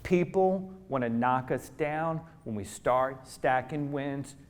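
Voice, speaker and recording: A man's voice: medium pitch, takes it slowly. Dramatic middle-aged motivational speaker, man. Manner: dramatic storytelling with sudden loud bursts and hushed asides; preacher-like audience calls. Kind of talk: motivational keynote speech.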